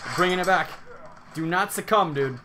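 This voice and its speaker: A man co-hosting a let's play, chatting and reacting excitedly with lots of swearing. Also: high voice, normal speed, slight background noise. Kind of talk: casual gaming commentary.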